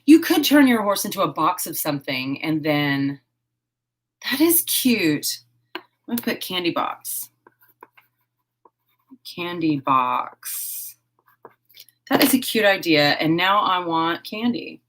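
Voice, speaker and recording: A woman hosting a casual live stream while crafting. She chats, giggles and thinks out loud. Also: lowish voice, big pitch swings, slow pace, long pauses, slight background noise. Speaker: host of a horse-themed channel.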